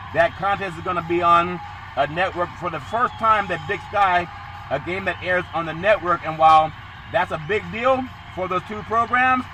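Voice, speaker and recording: High-voiced excitable male sports host. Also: background noise. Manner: excitable, loud bursts of emphasis. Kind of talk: college football preview commentary.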